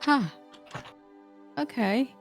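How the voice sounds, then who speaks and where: A woman's voice: high-pitched, very slow, soft background music. A woman playing a tabletop role-playing game, polite and slightly flustered. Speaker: player.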